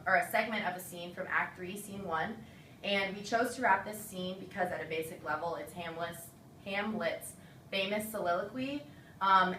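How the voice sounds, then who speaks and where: A woman's voice: on the low side, a bit bright. Young woman reading a class presentation. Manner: reads a prepared script steadily. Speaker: student presenter. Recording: roomy echo, distant mic, faint hiss.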